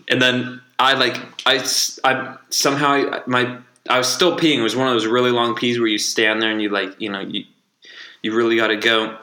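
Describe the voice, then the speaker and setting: A man's voice: medium pitch, level tone, brisk, pushed and bright, roomy sound. A young man hosting a casual podcast, telling a profane, rambling story full of restarts. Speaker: podcast host.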